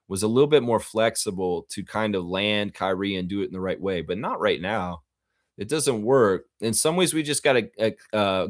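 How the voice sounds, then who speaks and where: A man hosting a casual live sports reaction stream, reading chat aloud and giving rambling, opinionated takes. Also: fairly low pitch.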